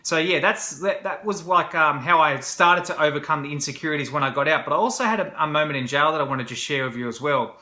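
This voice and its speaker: A man's voice: fairly high pitch, fast talker, hardly any pauses, sharp tone. A man, a vlogger, talking casually to camera about his own experiences, rambling with fillers and restarts. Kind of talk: candid personal storytelling to camera. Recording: roomy echo.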